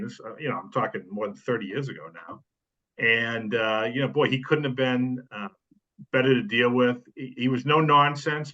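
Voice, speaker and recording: A man tells rambling sports stories in a casual podcast, his voice bright and forceful. The sound is dull and lo-fi. He leans on fillers and side remarks. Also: mid-range voice. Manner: rambling storytelling with many fillers. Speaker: sports writer co-host.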